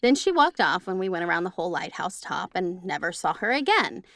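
A woman's voice: lowish voice, big pitch swings, a little fast, fairly bright tone, no echo, studio quality. A woman co-hosting a podcast who reads listener stories aloud and laughs easily in chat. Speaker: podcast co-host.

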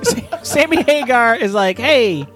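A man spins an improvised comic story, cursing and laughing as he rambles. His pitch jumps around animatedly, and music plays clearly underneath him. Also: lively intonation, normal speed, fairly bright tone.

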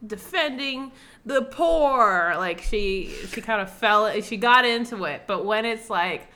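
A woman's voice: medium pitch, a little slow, sharp tone. A young woman co-hosting a podcast in casual chat, rambling with lots of filler words and casual swearing. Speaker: podcast co-host.

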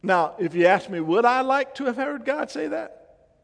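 Male pastor, sermon, high pitch for a man, emphatic questioning delivery, long hall reverb. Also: expressive, normal speed, gravelly. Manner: emphatic, repeats phrases and asks the congregation questions.

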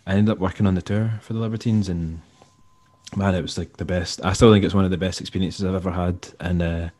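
A Scottish man, a musician and tour manager, telling stories in a relaxed, rambling way and acting out the people he quotes. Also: sits low, quick pace. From Scotland. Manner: rambling, laid-back, acts out quoted dialogue. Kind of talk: casual storytelling interview.

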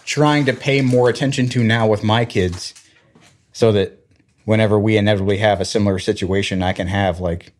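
A man's voice: lowish voice, fairly quick. A man in his thirties from Georgia in the US, telling family stories in a casual chat and acting out the voices of the people in them. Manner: animated retelling, acts out quoted voices.

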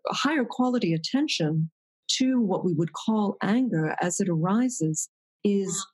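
A woman's voice: medium pitch, warm tone, slightly rough, poor audio. A woman teaching about meditation in a reflective conversation, thoughtful and searching, often restarting her sentences.

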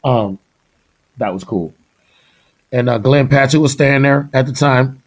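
A middle-aged man from Houston tells stories from his years as a drummer in a relaxed interview. He is animated, laughs easily and slips into the voices of the people he quotes. His pitch sits in a middle range for a man. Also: measured pace. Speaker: guest musician, drummer. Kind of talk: casual storytelling interview.

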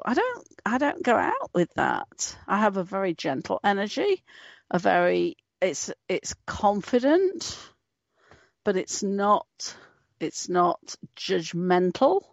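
A woman's voice: mid-range voice, big pitch swings, a little slow, creaky, no room sound, muffled recording. A woman in a casual video-call chat, talking with a lot of energy, laughing often and swearing now and then. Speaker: guest.

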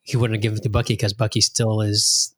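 Animated, profane man hosting a podcast. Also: fairly low pitch, quick pace, a little hiss or hum. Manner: animated and profane, acting out his own reactions. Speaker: podcast host. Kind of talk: casual chat.

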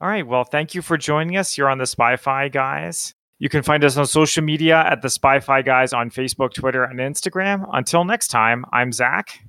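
A man co-hosting a podcast, reviewing a film in a relaxed, matter-of-fact casual chat. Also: medium pitch, normal speed, hardly any pauses, clean tone, no room sound, studio quality. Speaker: podcast co-host.

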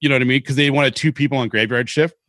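Middle-aged man from Seattle, podcast co-host, rambling animated storyteller, dry close sound. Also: mid-range voice, racing, no echo. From Seattle, Washington. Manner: rambling, animated anecdotes with casual swearing. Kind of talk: casual storytelling chat.

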